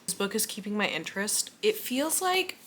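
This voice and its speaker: A sleepy young woman talks at home late at night, yawning and teasing herself as she chats. Her voice is bright and clear. The home recording carries a faint hiss. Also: medium pitch, expressive, brisk. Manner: chatty, self-mocking, yawning. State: sleepy, tired. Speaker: book vlogger. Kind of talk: casual late-night vlog chat. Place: at home indoors.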